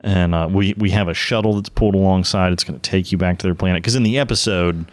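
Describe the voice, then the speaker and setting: A man co-hosting a casual podcast, talking deadpan and swearing freely. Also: low-pitched, fast talker, no echo. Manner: deadpan, swears, acts out captain lines. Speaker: podcast co-host.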